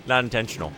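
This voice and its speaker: A man streaming a video game, chatting casually and laughing at himself. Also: medium pitch. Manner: giggly, self-deprecating. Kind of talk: casual let's-play commentary.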